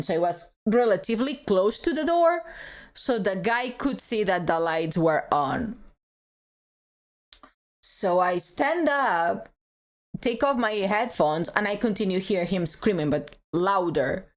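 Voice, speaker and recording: Slow-talking woman streamer telling a story. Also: medium pitch. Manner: chatty, laughs often, drops in Japanese words. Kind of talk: casual live-stream storytelling.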